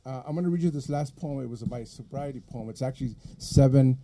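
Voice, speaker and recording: A middle-aged man with an East Los Angeles Chicano accent, a poet at a live reading who speaks softly between poems and declaims his verse in strong rhythm. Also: mid-range voice, a little hiss or hum. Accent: East Los Angeles Chicano English. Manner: soft and halting when chatting, rising to forceful rhythmic declaiming in the poem.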